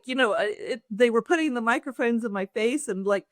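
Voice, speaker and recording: Lively woman telling a story, dry sound. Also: on the high side, moderate pace, no echo. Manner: lively storyteller who acts out other people's lines. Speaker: author and business owner. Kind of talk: anecdotal storytelling in an interview.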